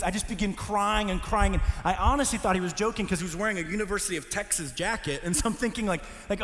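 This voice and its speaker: A young man preaching a sermon, telling a personal story, swinging between hushed lows and pleading highs. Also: quick pace, big-room sound. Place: church hall.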